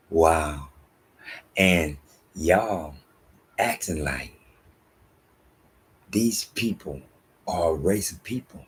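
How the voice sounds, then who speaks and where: Man in his sixties, slow emphatic sermon, deep raspy voice. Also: lively intonation, poor audio. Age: 60s. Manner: emphatic, repetitive, drops to low asides. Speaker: preacher. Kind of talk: street-style Bible teaching sermon.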